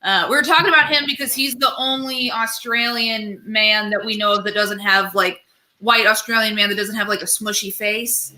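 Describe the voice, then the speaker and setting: A woman's voice: mid-range voice, steady tone, sharp tone, poor audio. A woman hosting a casual comedy chat, bubbly and chatty. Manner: chatty, bubbly, quick asides. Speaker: podcast host.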